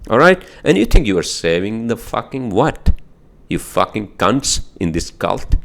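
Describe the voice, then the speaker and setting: A man hosting a podcast alone, delivering an angry, profane rant full of filler words and loud rising jabs of "all right?", at home by his desktop computer. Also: lowish voice, sing-song, measured pace, gravelly. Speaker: podcast host. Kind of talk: casual solo podcast rant.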